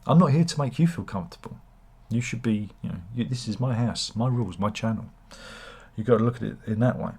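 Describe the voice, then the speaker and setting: Husky, sardonic man. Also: medium pitch, a little mellow. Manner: sardonic, self-deprecating, halting with restarts. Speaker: YouTuber. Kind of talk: rambling talk to camera.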